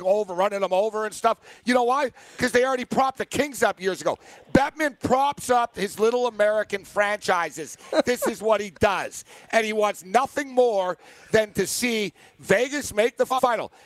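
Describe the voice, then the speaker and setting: Man, sports talk host, high and heated, argues loudly over co-hosts, dry close sound. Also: no room sound. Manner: fired-up, argumentative, talks over others.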